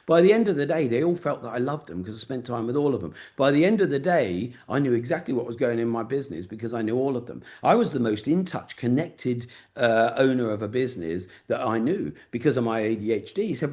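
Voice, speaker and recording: A mid-pitched English man with a Luton and Peterborough accent runs a casual mentoring session over a video call. He is blunt, sweary and straight-talking, the sound of a business mentor speaking plainly to his group. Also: lively intonation, quick pace, few pauses, a little mellow.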